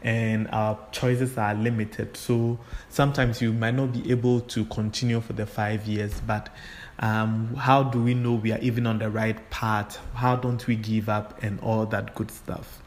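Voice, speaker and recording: A man hosting a solo podcast, talking in an unhurried, reflective way with frequent fillers. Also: lowish voice, flat delivery, slight background noise. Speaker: podcast host.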